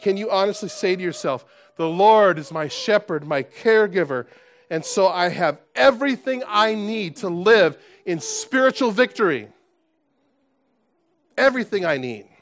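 A man's voice: fairly high pitch, a bit bright. A man preaching a sermon in an earnest, emphatic way, asking his listeners rhetorical questions. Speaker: pastor.

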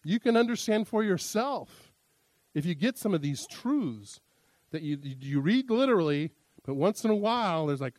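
A man's voice: high-pitched, sing-song, moderate pace, a little mellow, no room sound. A middle-aged male pastor teaching a sermon in a conversational, jokey way, acting out quoted lines. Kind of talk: sermon teaching on interpreting scripture.

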